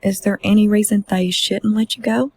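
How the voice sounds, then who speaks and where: A woman reading aloud voices a distraught father who keeps asking disbelieving questions, her husky voice climbing high. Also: fairly even intonation, normal speed, no room sound. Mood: incredulous. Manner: rising, incredulous questions.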